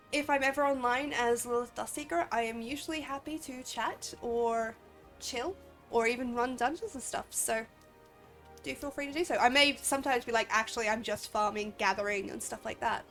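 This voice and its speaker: A woman's voice: sits high, moderate pace, fairly bright tone. Chatty Australian woman streaming a game. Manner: chatty, rambling, laughs often. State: sniffly, drowsy. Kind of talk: casual gameplay commentary. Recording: faint game music behind.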